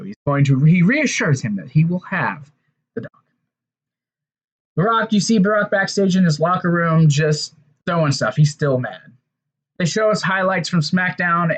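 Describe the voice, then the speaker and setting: A fairly high-voiced man talking through an old wrestling episode in a loose, rambling way, often restarting his sentences and dropping in fillers. The recording sounds dull and lo-fi, like a home setup. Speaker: wrestling show reviewer. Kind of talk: casual recap and commentary.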